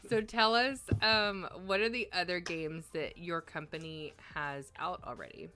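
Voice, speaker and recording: A woman's voice: lowish voice, fairly even intonation, measured pace, bright, forceful tone, faint music behind. A woman hosting a stream, chatting in a friendly, curious way and laughing often. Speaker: stream host. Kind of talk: casual chat.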